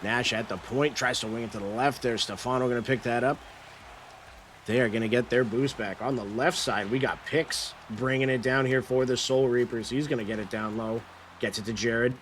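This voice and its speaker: Guy doing play-by-play for online hockey, fast calls, voice leaps up on goals, faint hiss behind. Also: steady tone, fairly bright tone. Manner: rapid calls, jumps up in pitch on goals. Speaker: play-by-play commentator. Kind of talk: esports play-by-play commentary.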